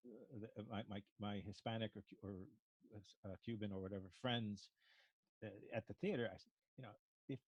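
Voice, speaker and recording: A man's voice: fairly low pitch, a little fast, slightly rough, no echo, lo-fi sound. A man, an improv instructor telling frank stories to his class, swearing now and then. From New York. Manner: storytelling, frank, swears casually. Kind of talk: teaching class discussion.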